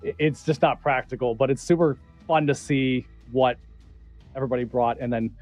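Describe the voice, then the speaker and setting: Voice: medium pitch, steady tone, moderate pace, darkish tone, no echo, soft background music. A co-host on a game livestream, talking casually and enthusiastically about the entries. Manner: enthusiastic, chatty, jokey.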